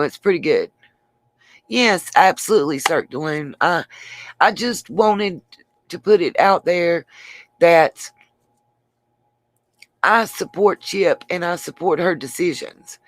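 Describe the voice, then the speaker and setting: On a dry recording, a woman with a lowish voice hosts a casual livestream for her channel. She rambles, keeps restarting her sentences, and addresses viewers by name.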